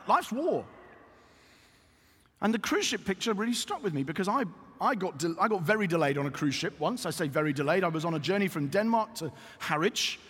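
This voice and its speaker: A man preaching a sermon to a congregation, telling stories with animated asides. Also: sits high, husky. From Britain. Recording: long reverb in a hall.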